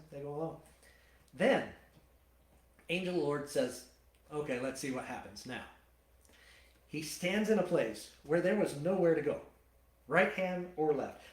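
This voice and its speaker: A man pastor teaching a sermon, retelling the story in a lively, colloquial storytelling way. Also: on the high side. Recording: roomy church hall.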